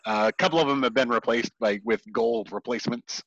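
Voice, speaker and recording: A man running a tabletop game as game master, narrating in a halting way with many ums and restarts. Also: mid-range voice, fairly bright tone, no echo, muffled recording.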